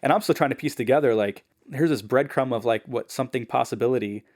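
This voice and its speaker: A man guest on a podcast, telling a personal story in a casual, animated way, full of "like" and "man". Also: mid-range voice, fast talker. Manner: animated, acts out the people he quotes; fillers like "man" and "like".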